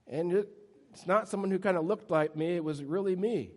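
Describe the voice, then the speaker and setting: A man's voice: high voice, fairly quick, a little mellow. A man preaching a sermon as pastor, telling humorous self-deprecating stories. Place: church sanctuary. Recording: long hall reverb.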